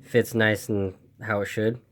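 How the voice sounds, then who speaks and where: In an unhurried, fairly low voice with little change in pitch, an RC hobby video host casually guides viewers through fixing an RC car one step at a time. His strained voice is giving out as he rambles, repeats instructions, and says sorry for the camera.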